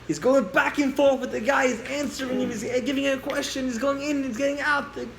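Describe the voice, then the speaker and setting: A man teaching a class, telling a story with lively acted-out dialogue and questions to the listeners. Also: extremely high pitch, brisk, creaky, noisy background.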